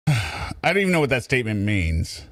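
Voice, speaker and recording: A man's voice: mid-range voice, a bit bright. A man giving amused, sarcastic commentary on a true crime story, laughing often. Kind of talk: reaction commentary.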